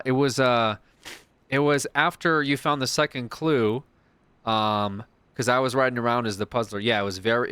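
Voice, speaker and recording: A man's voice: medium pitch, fairly bright tone, clear, resonant tone, dry recording. A young man, a streamer, chatting casually in a rambling way, swearing freely. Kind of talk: casual chat.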